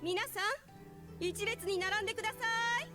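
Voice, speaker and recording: An actress voicing a soft, polite young woman of the church in a game. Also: very high-pitched, a little fast. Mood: gentle. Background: game music.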